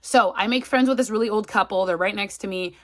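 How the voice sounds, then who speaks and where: Thirties woman, casual story-time vlogger, bright voice of medium pitch, sounds feverish and worn down. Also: fast talker. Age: 30s. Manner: chatty, retelling with quoted asides. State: sick and feverish. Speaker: travel vlogger.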